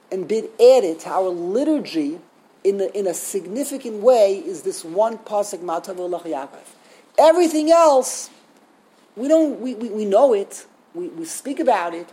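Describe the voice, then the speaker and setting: A man's voice: high voice, a little mellow, rough recording. Emphatic man teaching a Torah sermon. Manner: emphatic, rhetorical questions, repeats and restarts words.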